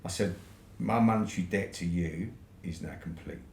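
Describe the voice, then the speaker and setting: A man's voice: deep voice, moderate pace, creaky, a little mellow. A man from the UK with a British accent, a podcast guest telling a long story in a casual way, swearing freely and ending points with "right?". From United Kingdom. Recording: roomy echo with faint noise.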